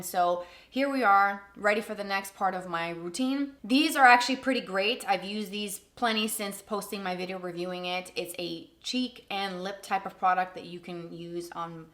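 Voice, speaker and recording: A woman's voice: medium pitch, fairly bright tone. A woman giving a candid, chatty first-impression makeup review, thinking aloud as she tries products. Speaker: beauty reviewer.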